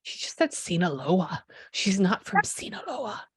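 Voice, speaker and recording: A woman medium talks through a spirit reading at a middle pitch, busily acting out each exchange with "I go" and "she goes." The sound is dry and close, with no room echo. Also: unhurried, slightly rough. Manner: animated, acts out quoted dialogue, frequent "I go, she goes". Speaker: psychic medium. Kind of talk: relaying a spirit reading to a client.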